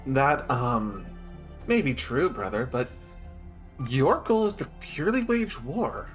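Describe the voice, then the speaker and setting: A man reading aloud as an uneasy younger brother, halting and hesitant. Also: medium pitch, sing-song, soft background music. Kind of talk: reading game dialogue aloud.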